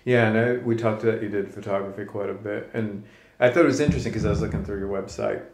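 A male podcast host with a somewhat low voice asks curious, winding questions that circle back on themselves. The recording sounds roomy and echoey. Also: fast talker. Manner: curious, rambling questions with restarts. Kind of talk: casual interview conversation.

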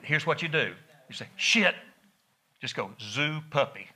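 A middle-aged man, preaching a sermon in a folksy, animated storytelling way. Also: medium pitch, normal speed, a little hiss or hum. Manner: folksy, animated storytelling with laughs and rising emphasis.

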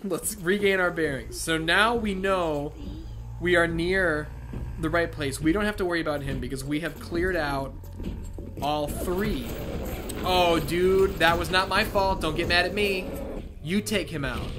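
A man giving profane, excitable let's play commentary, talking back to the game as he plays. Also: fairly high pitch, background noise. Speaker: gamer. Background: video game music and sounds.

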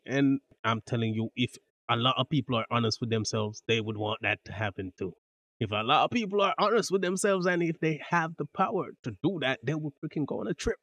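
A man's voice: medium pitch, lively intonation, fairly quick, fairly bright tone. A man hosting a reaction video, chatting casually with frequent laughs and stammers.

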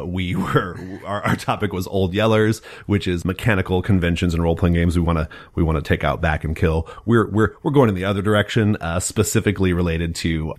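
A man hosting a casual podcast chat, gushing with excitable, profane enthusiasm. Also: deep voice. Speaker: podcast host.

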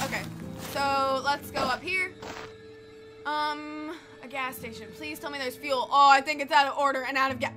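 A woman giving casual, excitable gameplay commentary, easily spooked and talking back to the game. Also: high-pitched, brisk. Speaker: let's play gamer. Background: game music.

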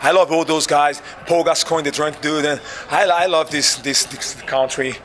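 A man's voice: a little high, fairly even intonation, normal speed, fairly bright tone, slight background noise. A man from Brazil with a Brazilian accent, a fighter giving an earnest post-fight interview in English and often restarting his phrases.

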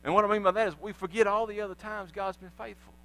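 A man preaches in church, retelling the story with energy and slipping into the voices of its people. His voice sits high and rings bright. A faint electrical hum runs under the recording. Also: fast, low-quality recording. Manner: animated storytelling, acting out voices of biblical figures. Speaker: pastor. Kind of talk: sermon. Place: church sanctuary.

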